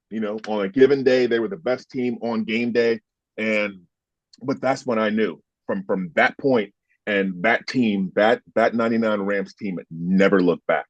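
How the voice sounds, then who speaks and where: Low-voiced man telling a heated story. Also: no room sound. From United States. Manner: emphatic and heated when recounting, with occasional swearing. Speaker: interview guest, former football player. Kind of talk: animated storytelling in conversation. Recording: dry, slightly dull sound.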